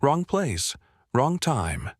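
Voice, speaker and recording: A man's voice: mid-range voice, huge pitch swings, drawn-out words, husky, no room sound, clean studio sound, pitched above the performer's own voice, heavily acted. A man reading the lines of a scheming older male colonel, clipped and terse. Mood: curt.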